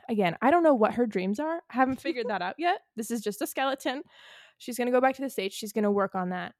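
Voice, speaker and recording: A woman's voice: fairly high pitch, animated, fast talker, darkish tone, no echo, clean studio sound. Chatty young woman rambling through a story. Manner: rambling, filler-heavy storytelling, lots of "like" and "okay". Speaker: podcast co-host. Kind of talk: casual chat.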